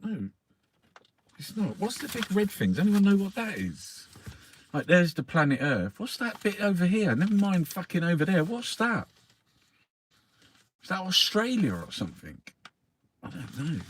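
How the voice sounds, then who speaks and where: Sweary, rambling man with a bright voice. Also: very animated, measured pace, long pauses, slight background noise. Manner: sweary, rambling, with many restarts and fillers; louder and higher when reading headlines. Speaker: host of a newspaper review. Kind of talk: casual live-stream chat, reading headlines aloud.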